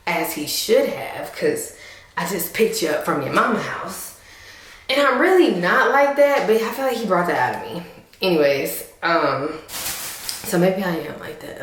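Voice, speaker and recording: A young woman telling a storytime to camera in an animated, sassy way, talking straight to her viewers. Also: on the low side. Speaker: vlogger. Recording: echoey room.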